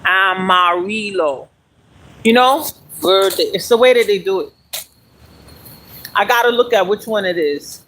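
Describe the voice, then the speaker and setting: Walking and exercising outside with a handheld phone, a forties-aged livestreamer chats in a meandering, casual way. The medium-pitched voice is expressive and moderately paced with frequent pauses, over a rough recording with slight hiss or hum.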